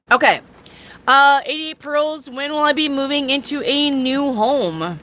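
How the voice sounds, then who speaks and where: A woman with a bright, clear voice reads tarot cards live for her viewers. She talks slowly and chattily, tossing in jokes and the odd crude aside. A faint hum of ambient noise sits behind her. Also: high-pitched. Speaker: tarot reader. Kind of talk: casual live tarot reading.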